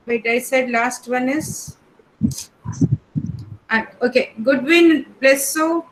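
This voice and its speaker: A woman teacher, calling the roll in an online class in a brisk, matter-of-fact way. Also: sits high, a bit bright, rough recording. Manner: reads names one by one in a brisk, matter-of-fact way.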